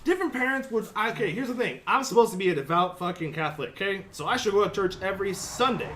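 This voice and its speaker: A man's voice: high-pitched, fast. A man co-hosting a casual podcast chat, swearing often and acting out quotes as he tells stories. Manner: profane, animated storytelling with acted-out quotes. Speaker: podcast co-host.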